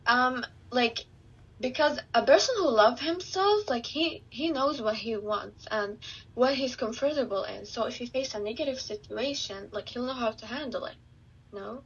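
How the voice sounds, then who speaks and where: A teenage girl speaking as a podcast guest, earnest and soft-spoken, hesitating with "like" fillers. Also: fairly high pitch, normal speed, breathy edge, highs cut off. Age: teens. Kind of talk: casual podcast interview.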